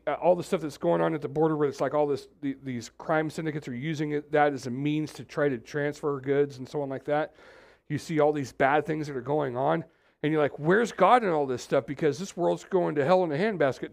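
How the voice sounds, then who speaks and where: A man preaching from the pulpit, his voice sitting a little higher than most men's. He rambles off track and jokes with the congregation before circling back to his point. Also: vocal fry, a little mellow. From Texas. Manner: rambling, joking asides. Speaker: pastor. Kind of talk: sermon.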